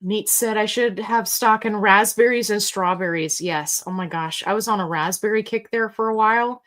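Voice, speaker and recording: A woman hosting a live question-and-answer stream, chatting casually to her viewers. She rambles cheerfully, jumps off on tangents and tells jokey little stories in a relaxed, everyday voice. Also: medium pitch, moderate pace. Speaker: host. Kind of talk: casual livestream Q&A chat.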